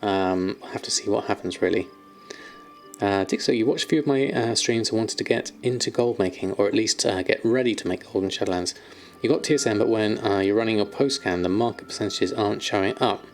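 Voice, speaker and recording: Speaking briskly in a voice on the low side, a man hosts a casual live-stream chat. He reads viewers' questions aloud and answers them, filling his replies with ums and other fillers.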